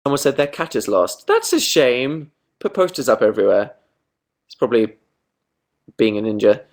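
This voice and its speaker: This young adult livestream host from Britain chats casually, reading viewer comments aloud with self-deprecating asides. His pitch is medium and sing-song, his speed normal, and he pauses often.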